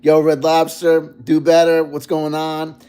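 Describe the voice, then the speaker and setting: A man vlogging in casual chat, rambling and animated, full of fillers. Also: on the high side, unhurried, clear, resonant tone.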